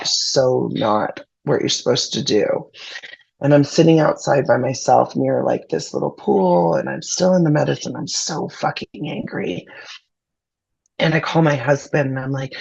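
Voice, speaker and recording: Gravelly husky woman recounting a hard memory. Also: a bass voice, measured pace, darkish tone, muffled recording. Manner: candid, emotional retelling, heavy use of "like". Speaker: podcast guest. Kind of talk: personal storytelling in conversation.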